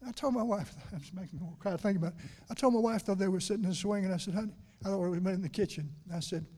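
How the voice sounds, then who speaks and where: Middle-aged preacher man, high-ish voice, chatty with the church, gets loud then real quiet. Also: rapid-fire. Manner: conversational, asks the congregation questions. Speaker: pastor. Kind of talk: sermon. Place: church sanctuary.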